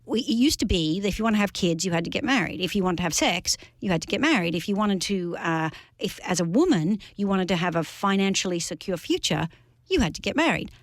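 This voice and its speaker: A woman's voice: on the low side, animated, fast talker, no room sound. A woman with an Australian accent from Sydney, an author talking as a radio guest, articulate and conversational. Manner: articulate and conversational, explaining ideas at length. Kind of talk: radio interview. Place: radio studio.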